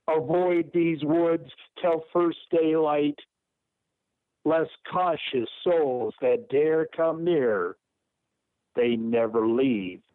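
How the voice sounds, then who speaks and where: Caller, male, slightly high voice, unhurried poetry reading, phone-line sound. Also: no room sound. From Indiana. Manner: slow, steady recitation. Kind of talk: reading his poem aloud. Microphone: telephone.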